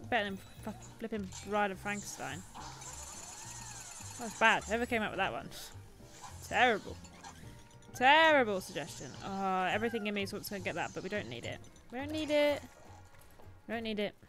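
A woman's voice: mid-range voice, big pitch swings, normal speed, long pauses, a bit bright, soft background music. A woman hosting a game livestream, joking and bantering with her chat in casual let's-play commentary. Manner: playful, jokey, bantering with chat. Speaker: streamer and show host.

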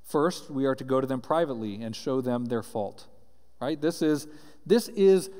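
A man's voice: medium pitch, normal speed, dark tone, smooth. Male pastor preaching in a reverberant church. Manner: earnest, reads scripture aloud then explains it with frequent "right?". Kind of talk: sermon. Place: church sanctuary. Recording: roomy church hall reverb.

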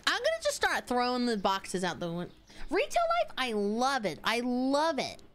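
A woman streaming a game live, chatting excitably with her viewers, yelping and swearing at the game as she plays. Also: on the high side, normal speed. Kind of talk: live gaming stream chat.

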